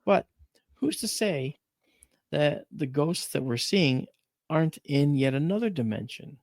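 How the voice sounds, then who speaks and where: A man's voice: a little high, lively intonation, a little slow, darkish tone, dry recording, clean studio sound. A man hosting a talk show, chatting casually and telling rambling, emphatic stories. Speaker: radio show host. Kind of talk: casual storytelling chat.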